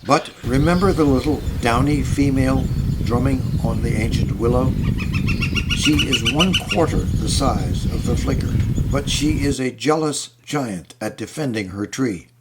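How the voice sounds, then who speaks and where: Guy doing a calm nature voice-over, plain mid voice, clear hiss and birds behind. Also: mid-range voice. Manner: measured, explanatory. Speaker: narrator. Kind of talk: scripted nature narration. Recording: voice-over with steady background noise.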